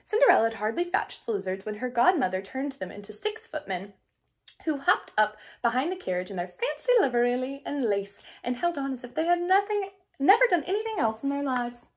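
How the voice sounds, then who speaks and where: Expressive woman reading aloud. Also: sits high, fairly quick. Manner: expressive storytelling. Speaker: storyteller. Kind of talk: children's read-aloud.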